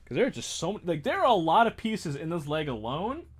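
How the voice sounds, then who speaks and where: A man's voice: a little high, very animated, fast, husky. A man hosting a casual livestream while building a model kit. He rambles, mocks himself and laughs often.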